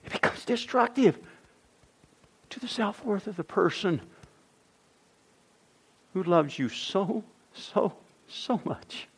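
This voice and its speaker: A middle-aged man preaching a sermon as pastor, swinging from loud emphasis to near-whispers. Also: high-pitched, animated, slow, pauses often, breathy edge.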